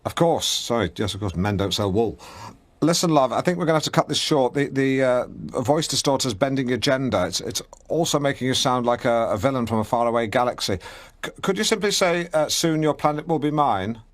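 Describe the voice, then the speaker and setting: A man's voice: medium pitch, animated, a little fast. Pompous stammering male radio host. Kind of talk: comedic radio show chat. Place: radio studio.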